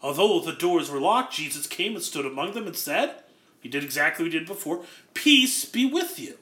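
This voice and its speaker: A man's voice: fairly high pitch, lively intonation, a little fast, bright, forceful tone, echoey room. A man preaching an earnest expository sermon, explaining words one by one. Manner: earnest, explains Greek word by word.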